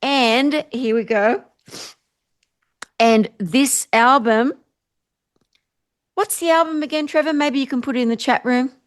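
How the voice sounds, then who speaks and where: A woman's voice: high voice, a little slow, pauses often. A woman hosting an online spiritual event, chatting effusively and guiding a meditation, with frequent laughs. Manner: bubbly and effusive, laughs often. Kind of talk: guided meditation and livestream chat.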